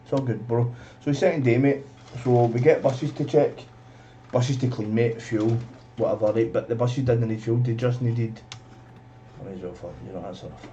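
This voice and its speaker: This streamer's voice is medium-pitched and dark, delivered at a moderate pace. He spins a rambling yarn while gaming, swearing frequently and addressing everyone as "mate." It's captured off-mic in dull, noisy lo-fi.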